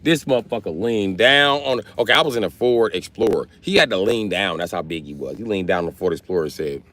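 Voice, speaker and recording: A man's voice: lowish voice, animated, quick pace, a bit bright. A young man from Wisconsin, a livestreamer telling a rambling, profane comic story with lots of energy.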